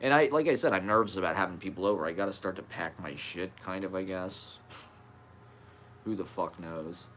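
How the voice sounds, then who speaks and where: A man's voice: low voice, fairly quick, a bit bright, a little hiss or hum. A man with a slight lisp, talking candidly in a rambling personal monologue, swearing and laughing as he goes.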